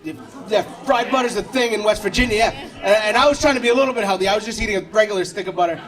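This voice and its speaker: A man's voice: high-pitched, rapid-fire, crowd noise. A man in his thirties from New York doing a stand-up comedy set with brash, self-deprecating punchlines. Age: 30s. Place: comedy club stage. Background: audience laughter.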